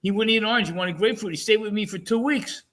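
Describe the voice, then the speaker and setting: A man with a high, bright voice rambles through memories in a loose, casual way. He co-hosts and trades stories with his partner. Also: fast talker. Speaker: radio co-host. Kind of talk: casual reminiscing chat.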